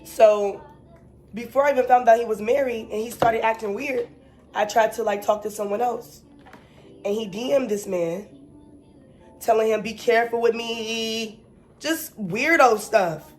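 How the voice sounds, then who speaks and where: A young woman chatting casually to her viewers, her voice sitting on the high side as she tells a story. She keeps checking in with quick asides and repeats herself when she's exasperated. Faint music plays behind her. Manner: animated storytelling, frequent "right?" asides; exasperated, emphatic repetition. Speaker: vlogger. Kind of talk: casual chat.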